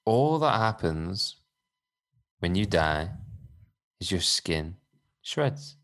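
Man, very deep voice, reflective, preachy, faith podcast co-host. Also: very animated, very slow, fairly bright tone. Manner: reflective, preachy, rambling with restarts.

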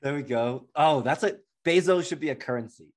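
A man's voice: a little high, brisk, a little mellow. A man co-hosting a podcast in casual chat, playful and rambling, joking often. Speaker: podcast co-host.

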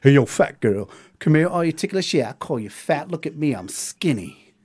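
A man's voice: on the high side, animated, moderate pace, a little mellow, slightly rough. A man putting on a brash, boastful, crude jokester with a mocking swagger.

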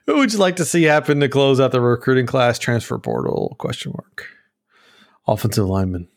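A man's voice: mid-range voice, lively intonation, brisk. A man co-hosting a sports podcast, reading listener questions and chiming in with short agreeing replies. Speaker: podcast co-host. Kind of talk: casual sports chat.

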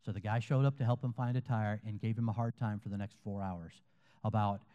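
Dark-voiced male pastor preaching. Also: medium pitch, quick pace, in a large hall, muffled recording. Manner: conversational preaching, storytelling with quoted voices. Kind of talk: sermon.

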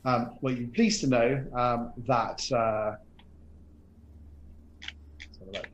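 A man's voice: medium pitch, steady tone, highs cut off, slight background noise. A man running a tabletop game as game master, describing the action with frequent ums and restarts. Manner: halting, many ums and restarts. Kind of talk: narrating a tabletop horror game.

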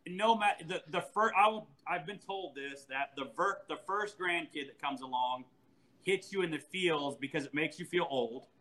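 Man in his forties, bright voice, animated storyteller with frequent laughs and restarts, casual chat. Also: on the high side, normal speed, low-quality recording. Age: 40s.

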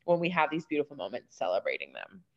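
A woman's voice: low voice, huge pitch swings, fast. Rambling woman co-host, dull lo-fi sound. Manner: rambling, heavy use of "like". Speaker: podcast co-host. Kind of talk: casual chat.

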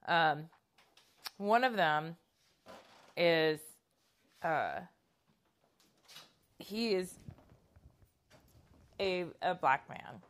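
A woman telling a story in casual podcast chat, rambling and self-conscious with many fillers and restarts. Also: deep voice.

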